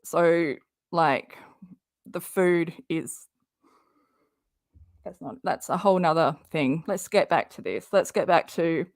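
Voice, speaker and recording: A woman runs a live commentary stream. She talks slowly and bluntly, calls out her target directly, swears, and stops to answer chat comments. Her voice is dry and close, with no room sound. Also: low-pitched, darkish tone, no echo. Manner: reads viewer chat comments aloud.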